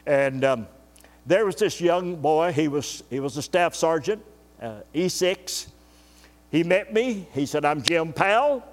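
A man's voice: fairly high pitch, animated, a little slow. An older man preaching, telling a personal story in a folksy way and acting out the voices of the people in it. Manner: folksy, acts out quoted dialogue. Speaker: pastor. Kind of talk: sermon storytelling. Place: church sanctuary. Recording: long church reverb.

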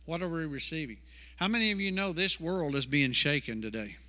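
A man's voice: a little high, lively intonation, fairly quick, sharp tone. A male pastor preaching a sermon in a church, emphatic, repeating words and asking rhetorical questions. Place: church sanctuary. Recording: long hall reverb.

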